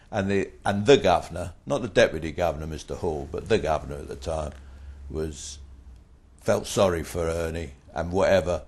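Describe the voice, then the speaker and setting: Older guy from britain, really low voice, blunt storyteller getting loud on the punchlines. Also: creaky, breathy edge. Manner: blunt, animated anecdotes, voices rising in quoted retorts. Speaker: interviewee. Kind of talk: anecdotal storytelling.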